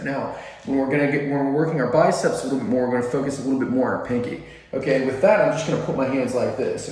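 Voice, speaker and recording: A man coaching singers through arm exercises, talking casually as he demonstrates and checking in with "okay?". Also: mid-range voice. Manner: relaxed, talks while demonstrating exercises, frequent "okay?" check-ins. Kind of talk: instructional demonstration. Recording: very echoey room with long reverb.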